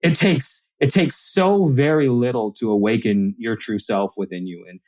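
A man's voice: mid-range voice, normal speed, a little mellow, no room sound, poor audio. A man as an author guest in a casual conversation, telling stories animatedly and acting out quoted lines.

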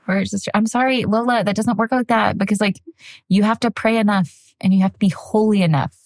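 A woman's voice: mid-range voice, fairly quick, no echo, clean studio sound. A young woman co-hosting a podcast, telling stories in casual chat and swearing freely. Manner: swears freely, animated storyteller. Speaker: podcast co-host.

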